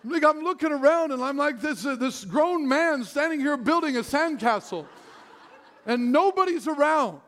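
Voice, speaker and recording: High-voiced pastor in an echoing hall. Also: male voice, animated, moderate pace, a bit bright. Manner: storytelling, self-deprecating, laughs often. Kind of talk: sermon. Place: large church hall. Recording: long hall reverb.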